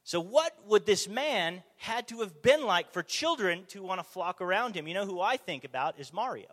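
A man preaching a conversational sermon, animated, asking the audience rhetorical questions, in a church or meeting hall. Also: high-pitched, moderate pace. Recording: long hall reverb.

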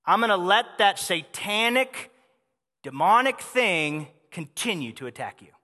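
Calm reassuring divine father voice, a preacher putting it on, lower and softer, hall echo. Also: unhurried, exaggerated voice. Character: gentle, patient divine father speaking to Paul.

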